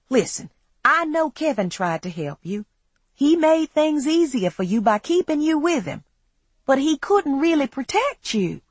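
A woman's voice: high-pitched, no room sound, pitched above the performer's own voice. A woman reading as a moody, pushy young man. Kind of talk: audiobook character voice.

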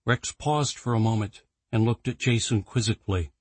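Measured male audiobook narrator, dry close sound. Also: lowish voice, husky, no room sound. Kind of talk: scripted narration.

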